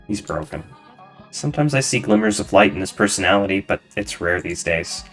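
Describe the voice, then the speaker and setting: A man voicing a kind, grieving woman behind a bar in a narrative game, speaking softly and sympathetically. Her lines rise and fall with lively pitch. Faint game music plays under the voice. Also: fairly quick. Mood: sympathetic.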